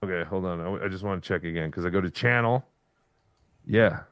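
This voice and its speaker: A man's voice: deep voice, a little fast, a bit bright, no echo. A man hosting a casual live podcast stream, rambling as he reads out viewer donations. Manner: rambling, reads out super chats. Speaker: podcast host.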